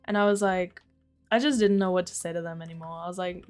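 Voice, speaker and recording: A woman's voice: lowish voice, steady tone, fast talker, a little mellow, clear, resonant tone, soft background music. A young Australian woman on a live stream, casually telling stories with lots of "like", swearing and frequent laughter. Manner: chatty storytelling, heavy use of 'like', swearing, laughing. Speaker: livestreamer.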